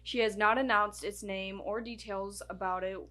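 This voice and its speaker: A woman's voice: mid-range voice, fairly even intonation, normal speed, a bit bright. Woman podcast host reading off her notes, trips on names, restarts a lot, normal mid voice. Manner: stumbles and restarts while reading names and dates. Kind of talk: casual chat, reading notes aloud.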